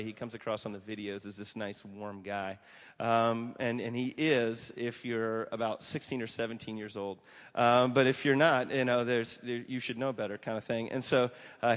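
A man in his forties, a pastor giving a casual, animated sermon with stories and lots of fillers. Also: mid-range voice. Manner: animated, conversational, many fillers, acts out quotes. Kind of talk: casual sermon talk with storytelling. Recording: long hall reverb.

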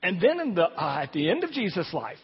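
Lively-pitched preacher in a reverberant church. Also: male voice, brisk, husky. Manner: conversational preaching, lively rises and drops. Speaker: pastor. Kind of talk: sermon with scripture reading. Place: church sanctuary. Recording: long hall reverb, dull lo-fi sound.

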